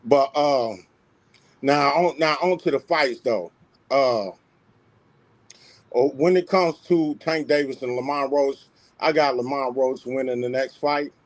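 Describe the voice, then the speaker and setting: A man's voice: mid-range voice, a little slow, long pauses, no echo. Emphatic man breaking down a fight. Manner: emphatic, confident, conversational. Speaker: panelist on a sports talk stream. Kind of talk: casual sports chat.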